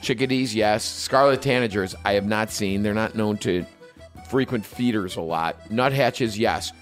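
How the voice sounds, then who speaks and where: A man's voice: fairly low pitch, normal speed, soft background music. A man co-hosting a casual show, reading listener stories aloud in a playful, teasing way. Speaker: podcast co-host.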